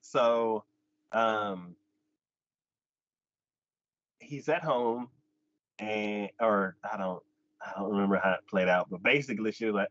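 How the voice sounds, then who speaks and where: Here a podcast host unhurriedly walks through an anime episode, pausing often as he animatedly performs the characters' dialogue with jumps in pitch. There's no echo; the audio is dry, dull and lo-fi.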